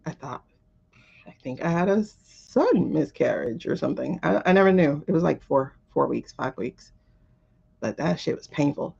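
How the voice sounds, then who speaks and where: Gravelly-voiced woman chatting on a livestream. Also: low-pitched, darkish tone, highs cut off. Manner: rambling, chatty storytelling, reacting to viewer comments. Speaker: tarot reader and livestream host. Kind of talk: casual livestream chat.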